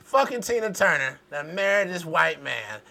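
A man hosting a podcast, telling profane, animated stories in casual chat and laughing often. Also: on the high side, moderate pace, creaky. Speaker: podcast host.

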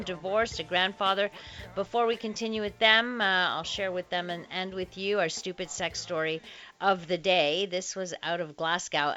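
A woman's voice: medium pitch, sharp tone. A woman hosting a late-night radio talk show, reading listener letters aloud in a chatty way, with frequent ums and uhs. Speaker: radio call-in show host. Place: radio studio. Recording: dull lo-fi radio broadcast.

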